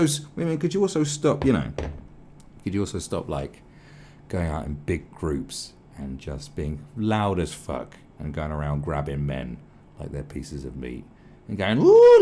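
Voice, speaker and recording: A man with a low, gravelly voice delivers a sarcastic commentary rant. He swears freely and asks mock-polite questions again and again, swinging his pitch wildly up and down as he mocks. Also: warm tone, slight background noise. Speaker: video commentator. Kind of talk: ranting commentary.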